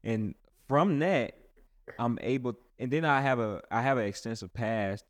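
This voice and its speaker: A man's voice: medium pitch, moderate pace, dry recording, studio quality. A man, a pastor hosting a casual chat, who talks in a rambling way with many restarts. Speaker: pastor and host.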